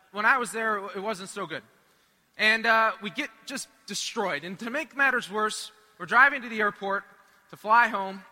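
Man, young adult, high voice, very bright and forceful tone, animated storytelling talk, acts out quoted voices, church rally. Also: in a large hall. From United States. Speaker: speaker at a Catholic renewal rally. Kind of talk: storytelling talk to a live audience.

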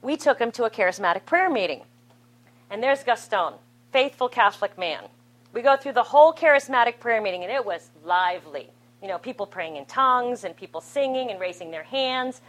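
A middle-aged woman speaking to a live Catholic gathering, telling her testimony in an animated, conversational and self-deprecating way. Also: on the high side, a little fast, low-quality recording. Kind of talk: spoken testimony to a live audience. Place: room with an audience.

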